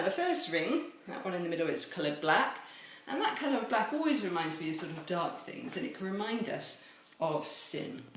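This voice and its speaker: A woman leading a children's chapel assembly from home, explaining games step by step in a cheerful, playful way. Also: lowish voice. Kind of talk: home video children's lesson. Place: home with garden course, indoors and out. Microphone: camera held by a helper some distance off. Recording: echoey, distant camera mic, faint noise.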